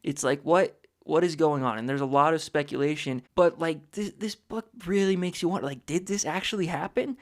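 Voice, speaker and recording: A man's voice: on the high side, a little fast, few pauses. A man co-hosting a casual podcast, joking and acting out little quotes. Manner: jokey, acts out quotes. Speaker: podcast co-host. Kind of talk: casual book-club chat.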